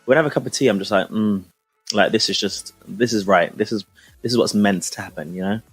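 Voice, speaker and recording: Fast-talking enthusiastic young man. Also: lowish voice, husky, no room sound, faint music behind. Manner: quick, chatty, enthusiastic. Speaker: podcast co-host. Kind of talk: casual chat.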